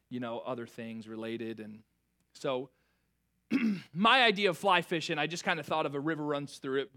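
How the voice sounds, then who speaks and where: A young adult man preaching a sermon, telling a self-mocking story with lively, animated delivery before reading scripture. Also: medium pitch. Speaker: pastor.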